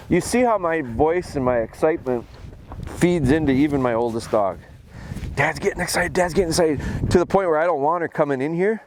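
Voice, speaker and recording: In a snowy field, a man trains his bird dogs, speaking briskly over a noisy background. He calls the dogs in a high, excited voice, then calmly explains each step between commands as outdoor training commentary.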